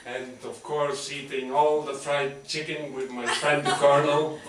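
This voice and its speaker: A man's voice: a little high, level tone, measured pace, few pauses. A man performing live, making nervous, self-mocking stage banter and spinning a tall tale between songs. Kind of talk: stage banter with deadpan joke story. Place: small studio venue with a live audience. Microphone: stage mic, speaking at a distance. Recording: echoey live room, far mic, loud noise.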